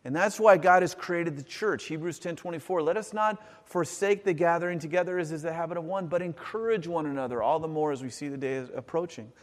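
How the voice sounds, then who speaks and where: A man preaching a sermon, reading scripture aloud and talking to the congregation in an animated, conversational way. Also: on the high side, brisk, hardly any pauses. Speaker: pastor. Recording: long hall reverb.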